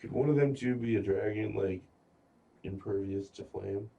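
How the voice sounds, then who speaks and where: A man's voice: lowish voice, normal speed, creaky, dark tone, recorded from a distance, lo-fi sound. A man co-hosting a casual recap podcast, mostly adding short agreements and laid-back asides. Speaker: podcast co-host.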